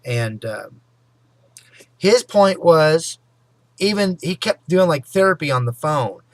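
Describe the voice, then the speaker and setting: A man vlogging a rambling personal story to his viewers, full of "you know" and "anyway," sometimes fast and loud. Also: fairly high pitch, animated, no room sound. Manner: talks fast and loud at times. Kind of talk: casual personal storytelling to camera.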